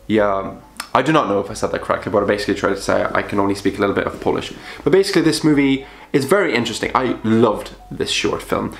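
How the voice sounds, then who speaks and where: A young man chatting casually about films he watched, bluntly and with sudden jumps up in pitch for emphasis. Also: a bit bright. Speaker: film vlogger. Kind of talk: casual film review vlog. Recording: roomy echo.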